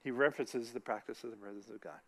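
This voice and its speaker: A man's voice: mid-range voice, fast, a little hiss or hum. A middle-aged man giving a casual sermon, chatty, asking the audience questions and reciting scripture. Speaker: church speaker.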